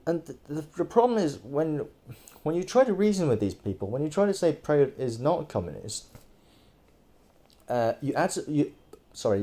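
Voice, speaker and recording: A man's voice: mid-range voice, mellow. Profane, exasperated young-sounding man ranting. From Thailand. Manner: profane, exasperated, frequent fillers. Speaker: political commentator. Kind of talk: casual ranting commentary. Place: indoors over screen recording.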